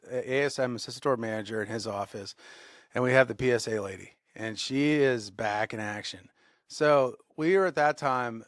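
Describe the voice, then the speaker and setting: A man co-hosting a podcast, telling a workplace story in a lively way and acting out the shouting. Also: medium pitch, no room sound, clean studio sound. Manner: animated storyteller, acts out shouted quotes. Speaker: podcast co-host. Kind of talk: casual storytelling.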